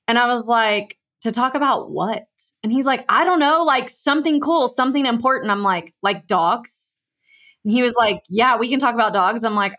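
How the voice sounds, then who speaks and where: A woman with a fairly high voice tells a story on a podcast. She is chatty and animated, and she slips into quoted back-and-forth as she talks. It is casual guest talk. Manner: chatty, acts out quoted dialogue.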